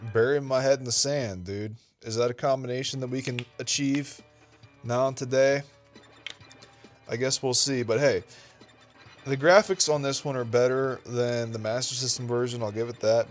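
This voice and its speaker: A man's medium-pitched, slightly mellow voice carries casual gameplay commentary for his retro gaming channel. He's laid-back and rambles, frequently dropping "dude" and "okay."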